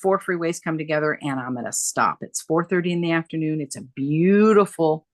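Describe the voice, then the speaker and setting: A middle-aged woman, a guest on an interview, telling her story in a lively, emphatic way and repeating phrases for effect. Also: deep voice, a little fast, no room sound. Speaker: guest, dementia care coach.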